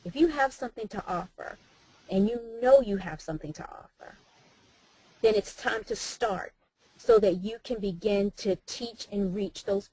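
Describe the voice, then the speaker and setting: A woman's voice: mid-range voice, darkish tone, husky, no room sound, low-quality recording. An American woman, a mentor and businesswoman, speaking earnestly and encouragingly on a group call. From United States. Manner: earnest, encouraging, faith-filled.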